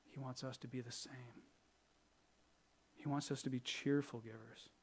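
A male pastor preaching a sermon with humor, switching between lively bursts and quiet, earnest stretches. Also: mid-range voice, measured pace, gravelly, husky. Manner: animated and humorous, acting out prayers in a raised voice; drops to a quiet, earnest tone for serious points.

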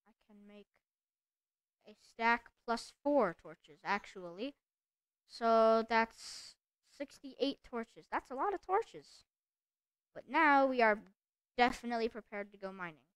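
A young woman narrates her own game play, chatty and easily excited. Her voice sits high, and the sound is dry and close, with no room echo. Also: slow, clear, resonant tone. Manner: chatty, excitable, talks to herself. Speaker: gamer. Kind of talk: let's play commentary.

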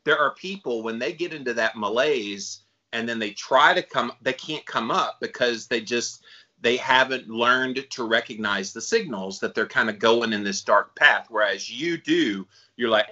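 A man chats on a podcast in a conversational, upbeat way. His voice is bright and forceful. The sound is a little dull and lo-fi. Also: mid-range voice, moderate pace. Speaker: podcast co-host.

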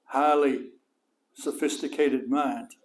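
Preaching slowly, this middle-aged West Texas pastor keeps his sermon folksy and lively, pushing his voice up high for emphasis.

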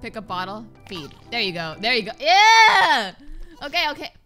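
A young woman doing casual let's-play commentary on a horror game, animated and jokey and easily startled. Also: medium pitch, quick pace, faint music behind. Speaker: gaming YouTuber.

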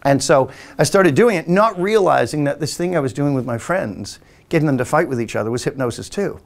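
A man's voice: on the high side, expressive, fairly quick, gravelly. Older English-born man telling stories. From England. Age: 60s. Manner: rambling anecdotal, acts out family voices. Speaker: podcast host and hypnotist. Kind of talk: casual storytelling.

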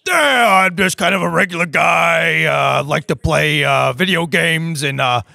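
A man playing a jittery young wizard in hiding in an improv comedy sketch, first with a put-on British voice and then with a gruff mock New York voice. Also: very high voice, huge pitch swings, fairly quick, dry recording, studio quality, exaggerated voice. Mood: mock tough.

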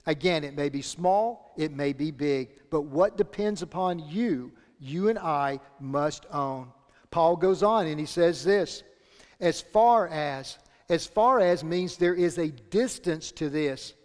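A man's voice: on the high side, unhurried, big-room sound. A male pastor preaching a sermon in an earnest tone, repeating key phrases for emphasis. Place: church sanctuary.

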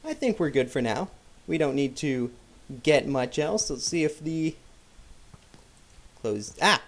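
A man casually commenting on his game as he plays, joking with viewers and yelping when startled. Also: mid-range voice. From Canada. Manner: excitable, jokey, yelps at sudden scares. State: sick. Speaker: gameplay commentator.

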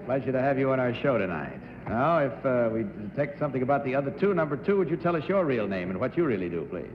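A man hosting a game show, speaking smoothly and politely to the panel and the contestants. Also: medium pitch, big pitch swings, quick pace, background noise. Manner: smooth, polite, reads affidavits aloud. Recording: muffled 1960s broadcast audio in a large studio hall.

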